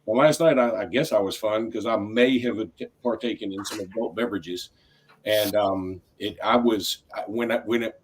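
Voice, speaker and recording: A man's voice: lowish voice, normal speed, breathy edge. A man hosting a sports podcast, telling stories in casual chat. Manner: animated storyteller, voices in quotes. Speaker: podcast host.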